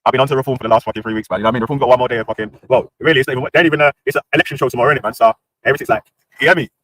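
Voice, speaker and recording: A man's voice: medium pitch, steady tone, very fast, fairly bright tone, dry recording. A British man hosting a livestream, ranting in casual street slang with lots of banter. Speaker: livestream host.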